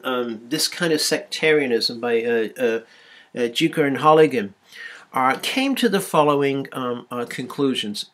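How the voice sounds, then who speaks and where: A man's voice: medium pitch, a bit bright. A man giving a university lecture, hesitant and full of ums and restarts.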